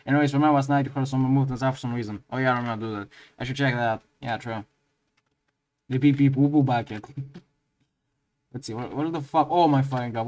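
A man giving crude, swear-heavy commentary while playing a game, often breaking into high laughing outbursts. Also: darkish tone. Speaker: let's play gamer.

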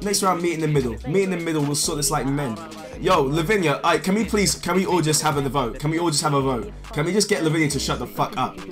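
A man's voice: a little high, quick pace, music in the background. A man, commentating live gameplay and throwing profane, repetitive insults at other players in voice chat. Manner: brash, profane trash-talking, repeats insults over and over. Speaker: gaming video creator.

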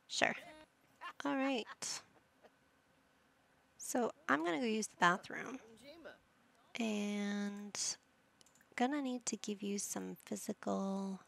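A woman's voice: mid-range voice, slow, gravelly, pauses often, soft background music. A woman gaming YouTuber giving chatty let's play commentary, narrating each move she picks. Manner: chatty, narrating her own game moves.

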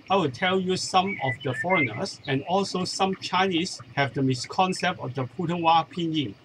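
A male language teacher, a Cantonese speaker, explaining a point slowly and methodically in English, counting out examples one by one. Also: sits high, noisy background. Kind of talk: explanatory lesson.

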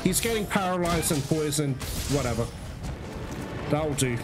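A man's voice: on the high side, lively intonation, moderate pace. A man giving let's play commentary, getting frustrated, swearing and apologizing to his viewers. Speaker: gaming streamer. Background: loud game music.

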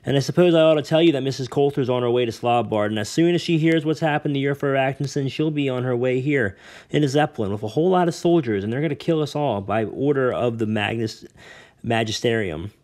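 A man voicing a fierce, defiant young girl who talks in a rough dialect, close to tears. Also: mid-range voice, fast talker, darkish tone, lightly acted. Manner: rough dialect speech, ain't and me own.

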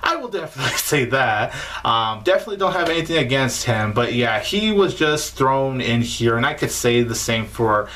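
A man reviewing a film in a relaxed, conversational voice of middling pitch. He leans on emphatic repetition and casual fillers to drive his points home. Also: normal speed. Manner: emphatic, repeats himself, informal fillers. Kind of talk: casual spoken movie review.

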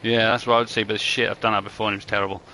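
A man's voice: on the low side, flat delivery, very fast. A man streaming a shooter game live, swearing and bantering casually with a teammate. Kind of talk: casual gaming commentary. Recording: gameplay noise behind.

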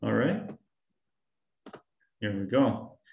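A man's voice: fairly low pitch, sing-song, extremely slow, creaky, echoey room, narrow, tinny audio. A man giving an online science class to young students, patient and encouraging, asking them questions as he explains. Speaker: science guest speaker teaching kids.

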